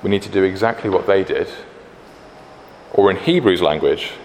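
A man's voice: sits low, moderate pace, darkish tone. British man preaching in a reverberant hall. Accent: British English. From Britain. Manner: conversational, with frequent fillers and restarts. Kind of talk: sermon. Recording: echoey hall, faint background noise.

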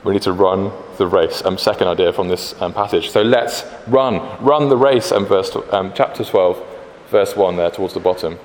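A man's voice: sits low, moderate pace, hardly any pauses, a little mellow. A British man preaching a sermon in a conversational way, with frequent fillers and restarts. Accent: British English. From Britain. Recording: echoey hall, faint background noise.

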